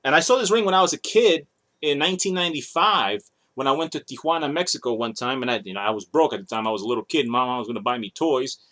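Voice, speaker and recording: A man in his thirties talks fast in a medium-pitched, slightly bright voice while showing off his toys in a show-and-tell vlog. The toy collector is rambling and chatty, often correcting himself mid-sentence.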